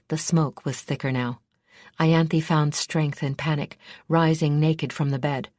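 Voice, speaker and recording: A woman reading a fantasy audiobook in a measured, steady storytelling manner. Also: low-pitched, no echo, clean studio sound. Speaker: audiobook narrator. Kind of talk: scripted narration.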